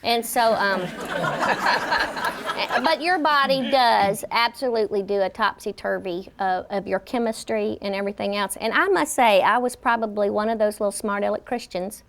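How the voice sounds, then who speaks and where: A woman's voice: mid-range voice, moderate pace, a faint crowd. A woman stand-up comedian with punchy, self-mocking comic timing, telling stories and then chatting as a guest. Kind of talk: stand-up comedy routine then interview chat. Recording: background noise under the voice.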